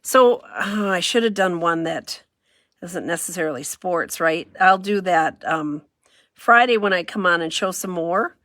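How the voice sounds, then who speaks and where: A woman's voice: fairly low pitch, animated, a little slow, fairly bright tone, no echo. A woman running a casual crafting demo, chatty and self-deprecating, thinking aloud as she works. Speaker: craft demonstrator.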